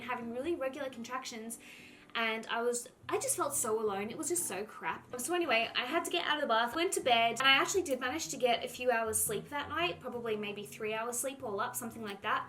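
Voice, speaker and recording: A young woman with a lilt, her voice sitting a touch higher than most, chats to her viewers in an easy storytelling vlog. She scatters "like" through every sentence and slips into quoting herself as she goes. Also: sharp tone. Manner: chatty, heavy use of "like", acts out her own past lines. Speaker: vlogger. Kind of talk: casual storytelling to camera.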